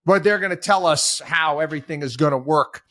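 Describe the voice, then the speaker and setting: A man's voice: on the high side, brisk, sharp tone, no room sound, studio quality. A man hosting a talk show, giving sarcastic, exasperated commentary full of rhetorical questions. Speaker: host. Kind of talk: opinionated talk radio commentary.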